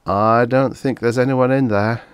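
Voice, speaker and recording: A man's voice: mid-range voice, steady tone, a little slow, clean tone, no room sound, pitched above the performer's own voice, close to an everyday voice. A man voicing a plain-spoken male ship's crewman who talks in a matter-of-fact way in an audiobook.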